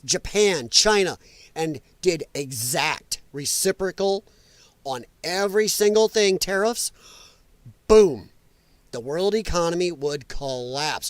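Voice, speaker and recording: A livestream host chats off the cuff about politics, swearing freely, laughing a lot, and reading and reacting to chat comments. His high voice swings widely in pitch, and the sound is close and dry with no echo.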